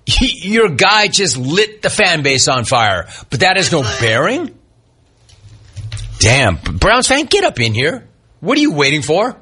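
Male sports talk host, heated mocking monologue, lively bright delivery. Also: a little high, a little slow, breathy edge. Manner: ranting, sarcastic, mocking.

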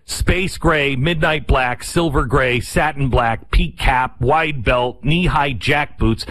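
A man hosting a casual commentary monologue, rambling and sarcastic, with frequent asides and a voice that jumps higher when he mocks something. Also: slow, few pauses, fairly bright tone. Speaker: show host.

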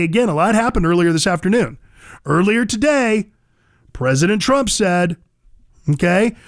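A man's voice: high-pitched, dry recording, clean studio sound. A man hosting a talk radio show, delivering an emphatic, fired-up opinion monologue and repeating phrases for punch.

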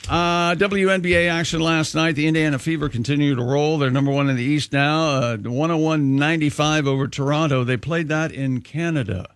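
Dry-voiced joking radio sports reader. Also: male voice, on the high side, a little fast, hardly any pauses, clear, resonant tone, no room sound. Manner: joking, plays out scenes in a mock pep-talk. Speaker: sports and news reader on a morning radio show. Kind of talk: casual radio banter, reading news items.

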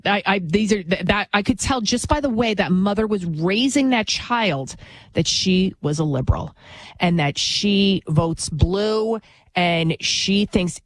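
A woman's voice: medium pitch, unhurried, no room sound. A woman hosting a podcast, giving a blunt, emphatic, opinionated monologue in a conversational tone.

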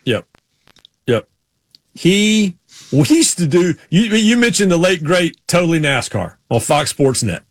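A middle-aged man with a high voice and lively intonation co-hosts a casual sports talk show, speaking unhurriedly with no room sound. He tells rambling stories, slipping into folksy Southern drawl impressions.

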